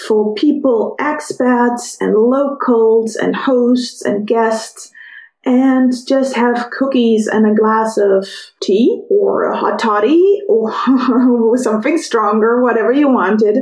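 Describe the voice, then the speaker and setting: On her podcast, a woman with a fairly high voice shares a personal story in a lively way, acting out what other people said. The sound is echoey, like she's recording in a bare room.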